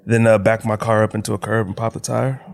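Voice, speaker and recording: A man's voice: on the low side, little pitch movement, fast, gravelly. A young man co-hosting a casual podcast, laid-back with dry remarks. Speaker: podcast co-host. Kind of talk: casual banter.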